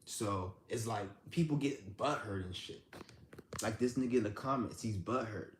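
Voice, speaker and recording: A man hosting a live stream who rants and tells stories in a blunt, profane, animated way. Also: fairly low pitch, moderate pace. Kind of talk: ranting storytelling. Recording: roomy with faint background hum.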